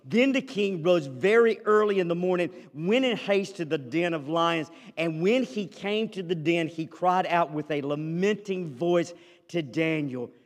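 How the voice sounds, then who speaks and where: A male pastor with a notably high voice preaches a sermon, telling the story with dramatic swings from loud proclamations to hushed asides. His voice rings out with a long reverb, as if recorded in a big church hall. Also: a little slow.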